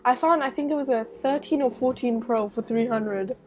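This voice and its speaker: A woman's voice: on the high side, moderate pace, over music. A young woman with a light British accent, co-hosting a podcast in loose, rambling casual chat and laughing easily. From Britain.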